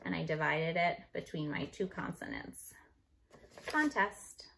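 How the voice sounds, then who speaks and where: Gravelly-voiced teacher spelling out syllables. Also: female voice, low-pitched, animated, a bit bright, slight background noise. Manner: slow, clear spelling out of syllables and letters. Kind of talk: recorded phonics review lesson. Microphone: computer microphone.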